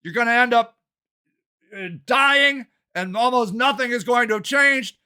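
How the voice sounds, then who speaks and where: Older male activist, high strained shouting rant, harsh and profane. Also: clear, resonant tone. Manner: shouting, swearing, fast and agitated. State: angry and worked up. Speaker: local activist and city council candidate. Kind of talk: angry ranting monologue.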